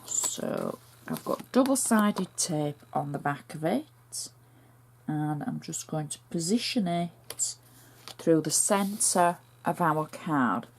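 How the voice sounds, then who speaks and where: A woman with a northern English accent walks through a handmade card, step by step. Her voice sits low and she takes her time, chatty and homely as she explains each stage of the craft. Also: animated, slow pace, vocal fry, slight background noise. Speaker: crafter demonstrating a card project.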